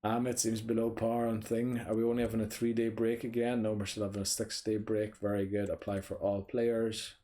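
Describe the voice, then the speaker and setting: A man's voice: on the low side, flat delivery, a little fast, few pauses, dark tone, slight background noise. A young man in casual gameplay commentary, muttering to himself, thinking aloud and swearing mildly as he plays. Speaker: gaming streamer.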